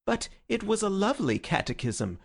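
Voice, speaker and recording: A man voicing a tipsy, witty young gentleman in an audiobook, with a grand, bubbling delivery. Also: mid-range voice, very animated, normal speed, vocal fry. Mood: giddy. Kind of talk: audiobook character voice.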